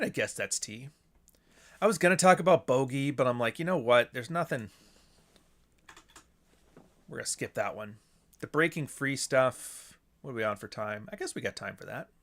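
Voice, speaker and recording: A man's voice: medium pitch, big pitch swings, a little fast, gravelly, fairly bright tone. A man hosting a podcast alone, rambling casually and swearing, with mocking asides. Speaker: podcast host. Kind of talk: casual solo monologue.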